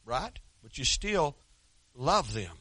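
A man preaching a sermon in a folksy, conversational way with an Oklahoma accent, talking quickly with frequent restarts. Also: medium pitch, sing-song, pushed and bright, slightly rough, no echo. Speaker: pastor.

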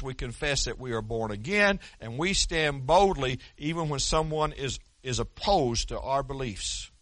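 A man preaching a sermon in a folksy, conversational way with an Oklahoma accent, talking quickly with frequent restarts. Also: medium pitch, a bit bright, no room sound. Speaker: pastor.

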